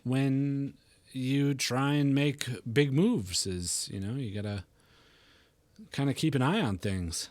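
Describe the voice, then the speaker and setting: A man's voice: mid-range voice, takes it slowly, a little mellow, dry recording. A man co-hosting a casual gaming podcast, talking in a jokey, irreverent way. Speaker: podcast co-host.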